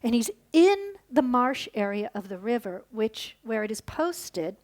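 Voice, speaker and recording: A woman's voice: fairly high pitch, big pitch swings, unhurried, hardly any pauses, darkish tone. A woman giving a conference lecture, telling a story and then explaining it, with fillers and restarts. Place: lecture hall.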